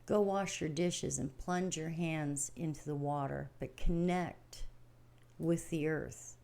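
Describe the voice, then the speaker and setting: Speaking slowly in a low, steady, creaky voice with a dark tone, an older woman hosts a livestream from a home setup. She rambles folksily about daily stress and spirit, playing out small scenes along the way.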